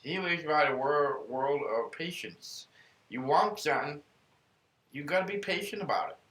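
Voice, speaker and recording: Earnest podcast host, male, bright and forceful, roomy echo. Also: fairly high pitch, expressive, moderate pace. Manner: earnest, rambling storyteller. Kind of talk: casual faith podcast talk, storytelling.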